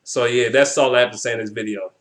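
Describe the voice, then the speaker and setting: A man's voice: mid-range voice, fairly even intonation, quick pace, fairly bright tone. A young man ranting heatedly about basketball as a sports vlogger, swearing and repeating himself. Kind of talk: profane sports rant.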